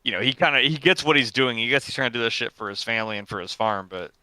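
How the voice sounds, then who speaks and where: Man, casual movie chat, swears a lot, very bright tone, dry close sound. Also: mid-range voice, quick pace, smooth, dry recording. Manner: swears a lot, rambling and excitable. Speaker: podcast co-host.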